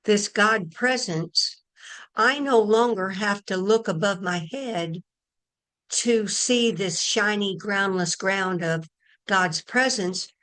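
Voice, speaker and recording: Woman running a spiritual group on a video call, slow and earnest, kinda meandering, middle pitch. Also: a bit bright. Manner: earnest, meandering, with pauses and restarts. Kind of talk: spiritual talk to an online group.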